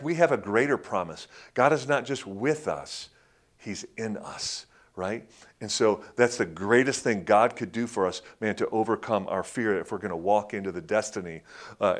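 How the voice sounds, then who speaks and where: A man preaching a sermon in a conversational way, with many fillers and restarts, who acts out quotes in a louder, higher voice. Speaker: pastor.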